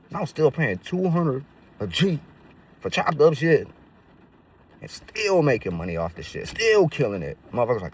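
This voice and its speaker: A man's voice: medium pitch, very animated, moderate pace, distant mic, slight background noise. A man casually telling stories to camera in profane, slangy street talk full of fillers. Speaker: roofing business owner.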